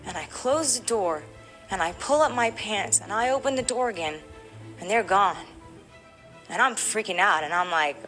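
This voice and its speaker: A woman guest in a candid podcast interview, telling a painful personal story with animated emotion. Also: mid-range voice, moderate pace, soft background music.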